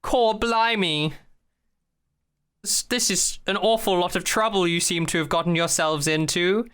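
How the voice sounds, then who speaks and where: A podcast host hamming up a posh, hyperactive Time Lord, all showy British swagger and bouncing energy. The voice is bright and ringing, with a smooth, clear tone, pitched a little up and drawn out for effect. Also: normal speed, natural voice. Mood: cheeky. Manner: exaggerated posh British accent, showy and playful.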